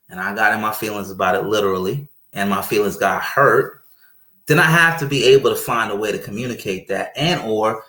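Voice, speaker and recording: A man talking casually about marriage and faith, telling stories and acting out quoted speech with lively energy. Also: fairly low pitch. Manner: animated storyteller, acts out quoted speech. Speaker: guest speaker on marriage. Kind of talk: casual conversational preaching. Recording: roomy echo.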